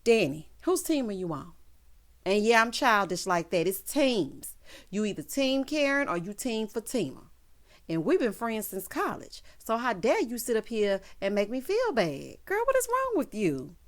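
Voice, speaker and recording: A sassy woman hosts a casual TV show recap with commentary, speaking straight to viewers and acting out quotes. Her voice is a little high and very animated, at normal speed.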